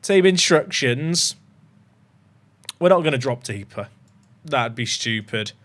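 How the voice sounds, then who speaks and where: A young man chatting through a football management game, joking and bursting into excited shouts. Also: medium pitch, takes it slowly. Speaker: gaming YouTuber.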